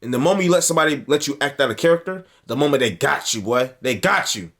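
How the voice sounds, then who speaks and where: A young man hosting a reaction video, talking in a blunt, animated way, with heavy slang. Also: medium pitch, quick pace. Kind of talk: casual reaction commentary.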